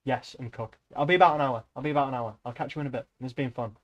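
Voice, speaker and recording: A young man chats casually to his stream viewers. He rambles and wanders off topic, drops swear words without a thought, and keeps his voice at an ordinary middle pitch. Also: rapid-fire, highs cut off. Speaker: livestreamer.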